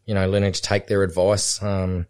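A man's voice: deep voice, level tone, moderate pace, a little mellow, clean tone. A middle-aged man with a New Zealand accent, a bull catcher and pilot, talking in a laid-back, rambling way full of fillers in a podcast interview.

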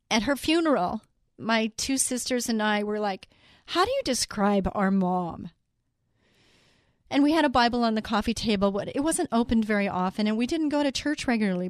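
A woman hosting a faith talk show, speaking in an earnest, personal way, quoting scripture and slowing down to stress key words. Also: mid-range voice, no echo, studio quality. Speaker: show host.

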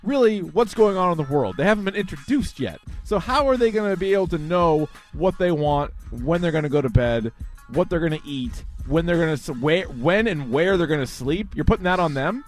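Thirties male co-host, lively and jokey, a touch high. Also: a little fast, soft background music. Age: 30s. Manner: animated, jokey, reads listener posts. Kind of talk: casual talk show banter.

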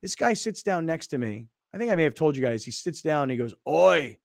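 Animated man telling a story. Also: on the high side, fast, no echo, studio quality. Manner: rambling, animated storyteller acting out quotes. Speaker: radio show host. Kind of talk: casual talk-show storytelling.

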